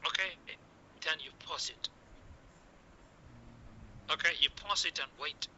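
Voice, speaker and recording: A man's voice: on the high side, unhurried, bright, forceful tone, highs cut off, a little hiss or hum. A man teaching how to break bad news to patients. He talks in short coaching phrases, says "okay" again and again, and acts out the doctor's lines. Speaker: medical communication teacher. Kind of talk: classroom lecture.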